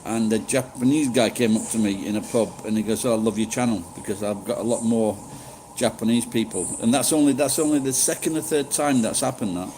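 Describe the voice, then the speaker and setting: A man's voice: medium pitch, brisk, hardly any pauses, mellow, slight background noise, low-quality recording. A middle-aged man chatting casually with live-stream viewers, rambling and swearing freely. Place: living in Japan.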